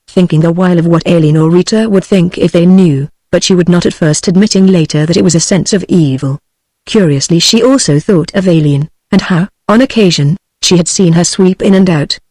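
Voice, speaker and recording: A text-to-speech woman's voice with a British English accent, reading a novel as an audiobook narrator in an even, steady delivery. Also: lowish voice, no echo.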